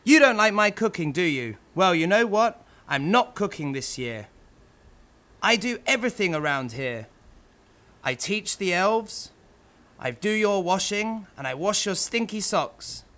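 Male reader as Mrs Claus: nagging wife, indignant, bright and slow. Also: high voice, animated, full character voice. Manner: scolding, indignant. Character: nagging fed-up wife of Santa. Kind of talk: storybook character voice.

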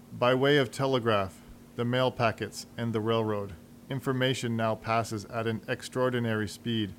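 A man giving scripted storybook narration in a measured, wry manner. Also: medium pitch, a little hiss or hum.

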